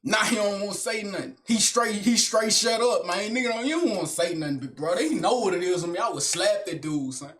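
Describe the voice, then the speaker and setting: A young man doing a high-energy comedic rant to camera, slangy and swaggering, swinging between shouting and low mutters. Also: fairly quick, few pauses. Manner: slangy, keeps tagging lines with son and big brother. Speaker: comedic vlogger.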